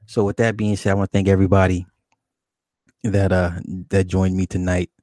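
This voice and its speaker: A man's voice: low voice, little pitch movement, a little fast, warm tone, dry recording, clean studio sound. A man hosting a call-in show, telling a childhood story in a laid-back, profane way and laughing often. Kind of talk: casual late-night call-in storytelling.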